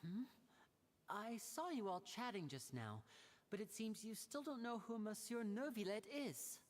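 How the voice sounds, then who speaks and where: A woman's voice: mid-range voice, lively intonation, measured pace, big-room sound, close to an everyday voice. A woman voicing a poised theatrical showwoman, grand and theatrical in manner. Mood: proud.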